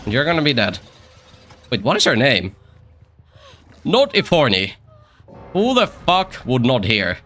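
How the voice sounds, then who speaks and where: Male streamer, bright and tense voice, easygoing rambling play-by-play with jokes. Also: medium pitch, huge pitch swings, unhurried, pauses often. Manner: rambling, joking, talks to himself and other players. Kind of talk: casual live-stream gameplay commentary.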